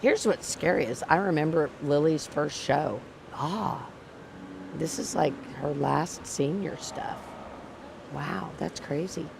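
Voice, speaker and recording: A woman's voice: low voice, vocal fry, a little mellow, slight background noise. A woman hosting a livestock show livestream, chatting casually and joking about herself, wearing a clip-on mic at the arena. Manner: chatty, joking, self-deprecating. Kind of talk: casual live commentary.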